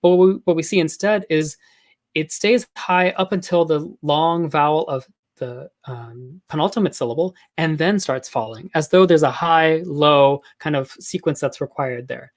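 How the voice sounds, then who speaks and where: A man's voice: on the high side, normal speed. A man giving an academic conference talk on linguistics, explaining patterns step by step with frequent ums, uhs and self-corrections. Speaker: linguistics lecturer.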